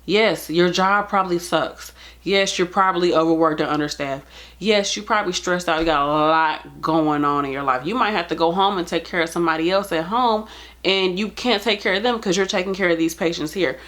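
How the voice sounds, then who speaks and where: A nurse talking straight to camera, earnest and pleading in plain casual speech. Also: female voice, fairly low pitch, a little fast, fairly bright tone. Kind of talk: heartfelt direct-to-camera talk.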